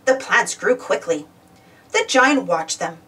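A woman reading a children's storybook aloud with expressive, lively narration. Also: mid-range voice, takes it slowly. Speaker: storybook reader. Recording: voice distant from the mic.

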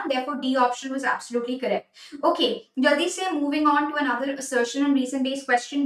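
A young woman with an Indian English accent teaches a live online exam-prep class, mixing English and Hindi and repeating key points. Her voice sits high and moves at a quick clip. It comes through an echoey room, a little away from the mic. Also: fairly bright tone, far from the mic. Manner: switches between English and Hindi mid-sentence.

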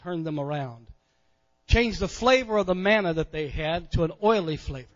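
Male pastor, high voice, folksy sermon with constant amens, dull recording in a reverberant church. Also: lively intonation, normal speed. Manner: folksy preaching with frequent amens, swelling loud on key phrases. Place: church sanctuary.

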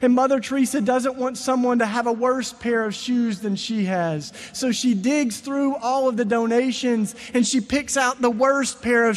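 A man's voice: very high voice, long reverb tail. A middle-aged man giving a sermon, telling stories and building to emphatic preaching. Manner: storytelling, rising to emphatic preaching. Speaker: speaker.

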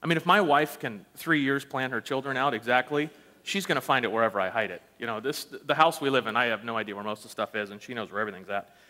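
A man preaching a storytelling sermon, animated and self-deprecating, acting out the voices in his stories. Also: medium pitch, fast talker. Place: church sanctuary. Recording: long church reverb.

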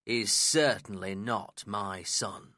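A fierce, scornful older landlord, as a male storyteller puts him on, clipped and cold in every word. He talks slowly with a bright, forward tone and a dry, close sound. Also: mid-range voice, expressive, no room sound, exaggerated voice. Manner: curt, scornful.

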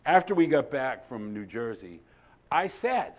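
A man preaching a sermon as pastor, telling stories and swinging between loud emphatic lines and soft, hushed ones, sometimes dropping to a near whisper. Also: medium pitch, very animated, a little slow.

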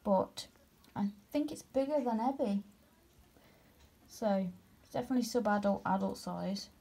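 A young British woman in a casual home vlog, showing off her new pet tarantula and often slipping into a high, slow baby voice to coo at it. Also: gravelly, mellow. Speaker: vlogger showing her pets.

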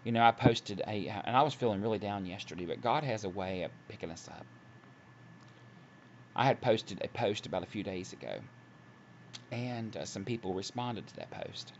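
A man's voice: fairly low pitch, moderate pace. A man preaching casually from home, earnest and rambling, with many restarts. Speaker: online Christian video preacher. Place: at home, seated. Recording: dull lo-fi audio with faint hiss.

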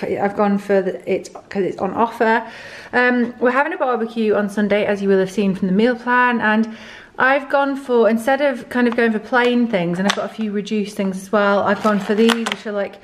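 A woman's voice: mid-range voice, a little hiss or hum. A woman in her thirties chatting casually through a grocery haul, a little out of breath, rambling with fillers and restarts. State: slightly out of breath. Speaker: vlogger.

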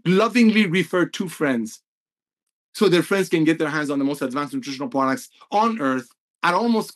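An excitable man delivers a motivational company update. His voice swoops up and down as he gets emotional, and he repeats his points over and over for emphasis. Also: sits high. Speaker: network marketing company executive.

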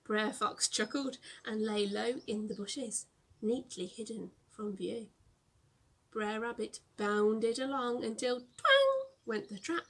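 Woman teacher, storybook reading for kids, slow, husky, gentle. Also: a little high. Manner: gentle, explains words for young children.

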